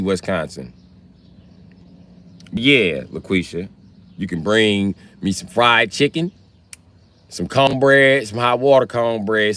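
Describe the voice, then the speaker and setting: A man's voice: fairly low pitch, a bit bright. A man live-streaming, casually reading viewer comments aloud and answering them with crude, rambling jokes. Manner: crude, joking, rambling banter.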